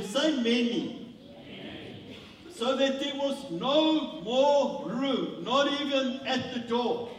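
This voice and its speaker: A man from South Africa preaching a sermon as a guest, playful and joking with the congregation. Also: very high-pitched. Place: large church hall. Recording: echoey hall, from far off.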